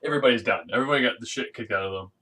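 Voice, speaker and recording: A man's voice: medium pitch, rapid-fire, recorded from a distance, heavy background noise. Rambling man recapping a comic, off-mic. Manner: rambling, filler-heavy, acts out quotes in funny voices. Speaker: comic book reviewer. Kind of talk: casual retelling of a comic issue.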